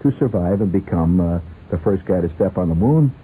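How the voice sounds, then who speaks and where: Deep-voiced and a bit rough, this radio host talks animatedly and a little fast. He rambles through playful comedy, laughing often, and the recording is tinny, lo-fi radio with faint hiss.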